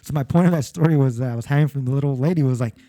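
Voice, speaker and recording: A man's voice: mid-range voice, racing, warm tone, no room sound. A man co-hosting a casual sports podcast, rambling with restarts, swearing and laughing as he talks. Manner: rambling, profane, laughs at own jokes. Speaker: podcast co-host. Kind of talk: casual chat.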